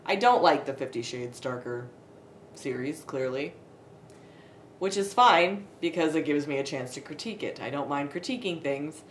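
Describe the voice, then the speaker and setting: A woman's voice: low-pitched, expressive, normal speed, a little hiss or hum. A young woman ranting about a film she watched, sarcastic and foul-mouthed, with frequent laughter. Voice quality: sarcastic, profane, laughs often. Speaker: video creator reviewing a film. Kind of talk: casual ranting film review. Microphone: home setup with a desk light. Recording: echoey room.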